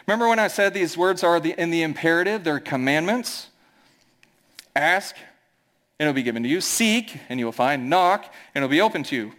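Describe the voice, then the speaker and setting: A man's voice: sits high, a bit bright. A male pastor with a Midwestern American accent, preaching a conversational sermon and acting out quoted voices.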